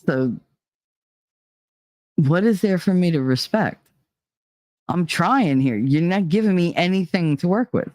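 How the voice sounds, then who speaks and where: A woman's voice: fairly low pitch, animated, measured pace, long pauses, a little mellow, no echo. Blunt, swearing woman chatting solo. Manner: blunt, opinionated, swears freely, laughs often. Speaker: podcast host. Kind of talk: casual solo chat.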